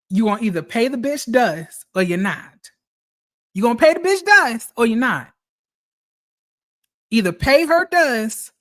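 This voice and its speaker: A man with a very high voice recaps a reality TV episode, speaking casually, animatedly, and profanely straight to his viewers.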